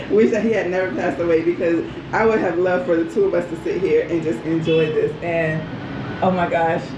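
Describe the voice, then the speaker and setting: A woman's voice: lowish voice, noisy background. A middle-aged woman filming a casual tour of her hotel room, exclaiming and laughing often. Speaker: travel vlogger. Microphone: handheld camera.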